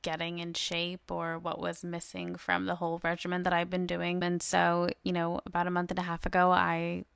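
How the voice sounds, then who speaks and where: A woman's voice: fairly low pitch, monotone, normal speed, creaky, hardly any pauses, fairly bright tone, clean tone, dry recording. A woman in her twenties hosting a solo podcast, chatty and upbeat with lots of fillers. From United States. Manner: chatty and upbeat, many fillers, laughs often. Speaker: podcast host.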